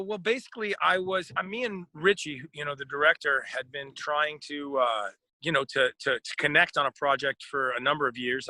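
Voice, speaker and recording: An American actor chatting casually in an interview, rambling with lots of fillers and restarts. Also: male voice, mid-range voice, pushed and bright, no room sound, poor audio. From United States.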